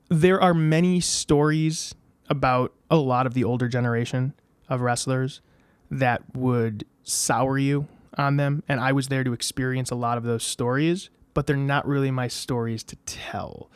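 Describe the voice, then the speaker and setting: A man with an American accent telling stories as a podcast guest in a casual interview, acting out other people's lines with lively pitch jumps. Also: a little slow, clear, resonant tone, dry recording. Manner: animated, acts out quoted voices.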